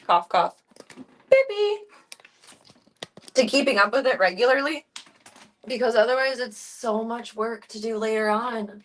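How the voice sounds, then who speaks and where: A woman's voice: a little high, fairly bright tone, rough recording. A young woman streaming casual chat, talking freely with casual swearing. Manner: chatty, swears casually, coos in baby talk to her cats.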